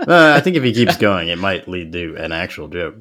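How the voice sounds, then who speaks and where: A man co-hosts a podcast in casual banter, joking freely and swearing often. His voice sits a bit low but swings widely in pitch. He laughs easily between lines. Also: a bit bright. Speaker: podcast co-host. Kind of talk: casual chat.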